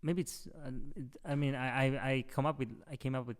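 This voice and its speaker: A man who is a guest comedian on a podcast, chatting casually and often pausing to search for his words. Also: medium pitch, fairly even intonation. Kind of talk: casual chat.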